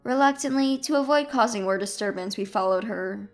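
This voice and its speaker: A woman narrating a first-person drama story in an even, composed storytelling manner. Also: medium pitch, fairly quick, soft background music.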